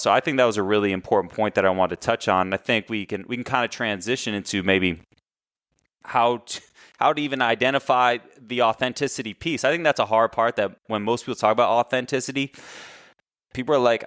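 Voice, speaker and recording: A man as a podcast guest and coach, talking in casual, animated conversation and telling stories, often correcting himself. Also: lowish voice, no room sound, studio quality. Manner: animated storyteller, chatty, self-correcting.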